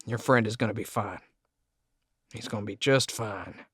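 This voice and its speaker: A man voicing a bitter, menacing Southern man with a raspy, croaking voice and a Southern US accent, speaking slowly and accusingly. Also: fairly low pitch, fairly bright tone, no echo, clean studio sound. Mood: brooding. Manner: slow, brooding, accusing.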